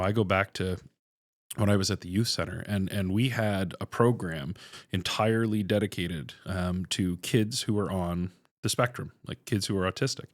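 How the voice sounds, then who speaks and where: A very low-pitched man hosts a conversational podcast and talks earnestly as he feels his way toward each point. His voice is recorded up close and dry, with no room echo. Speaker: podcast host.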